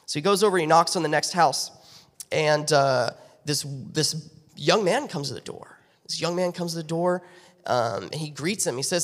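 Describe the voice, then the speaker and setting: A male youth pastor preaching, retelling a Bible story in an animated way with character voices. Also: on the high side. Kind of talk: sermon storytelling. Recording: long reverb of a church hall.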